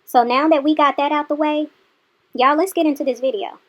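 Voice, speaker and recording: A woman's voice: high voice, steady tone, fairly quick. A woman hosting a reaction channel, giving pointed, sarcastic commentary on a clip.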